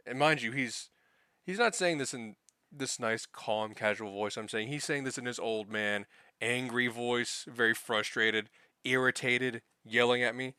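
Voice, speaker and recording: Young man, casual profane storyteller, bright crisp voice, dry close sound. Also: medium pitch, a little slow, dry recording. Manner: rambling, profane, acts out others' lines. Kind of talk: casual spoken anecdote.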